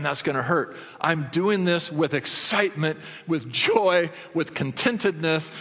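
A pastor preaches to his congregation, posing questions and answering them himself. He swings between fervent high passages and low, quiet ones, and a long hall reverb trails his words.

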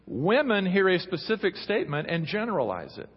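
A middle-aged man preaching in a husky voice that swoops up and down a lot. He talks conversationally and with humor, often slipping into little quoted voices. The recording is dull and carries a long hall reverb. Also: high-pitched, huge pitch swings, a little fast. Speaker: pastor. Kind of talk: sermon.

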